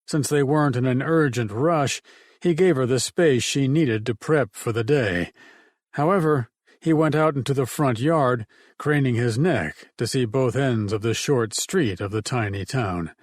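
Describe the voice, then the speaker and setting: Steady male audiobook narrator. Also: medium pitch, measured pace, dry recording, studio quality. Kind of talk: scripted narration.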